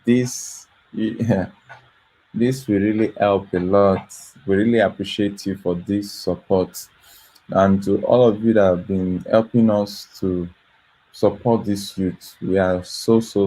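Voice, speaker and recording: Slow, deep-voiced tired man. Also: fairly even intonation, mellow, a little hiss or hum, rough recording. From Africa. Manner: repetitive, earnest, grateful. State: tired, yawning. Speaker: foundation host. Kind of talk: late-night video talk.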